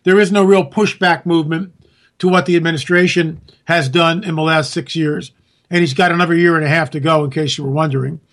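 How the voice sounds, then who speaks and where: A man delivering a sarcastic, animated political monologue, talking straight to his listeners as folks. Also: on the high side, fairly quick.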